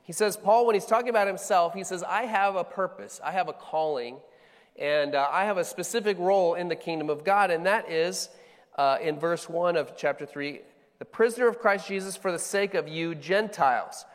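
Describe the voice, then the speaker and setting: A man's voice: sits high, brisk, in a large hall. A man from Colorado, a pastor teaching a sermon in a casual, conversational way. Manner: casual, conversational, with frequent fillers and restarts.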